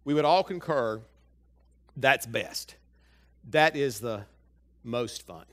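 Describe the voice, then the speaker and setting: A man's voice: medium pitch, slow pace. A male pastor preaches a sermon in church, talking straight to the congregation and asking it one question after another. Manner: lively, talks straight to the congregation with many rhetorical questions. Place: church sanctuary.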